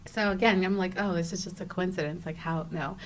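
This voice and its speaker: A young adult woman, a podcast guest, telling a personal story in a casual interview, animated and acting out her own exclamations, with frequent restarts. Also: fairly low pitch, brisk, slight background noise.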